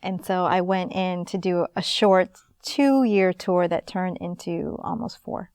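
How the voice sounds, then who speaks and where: A woman in her thirties, an actress guest in an interview, telling stories in a lively, animated way. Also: on the low side, takes it slowly, clean tone, dry recording, studio quality. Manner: lively, animated storyteller, laughs often. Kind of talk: casual storytelling in an interview.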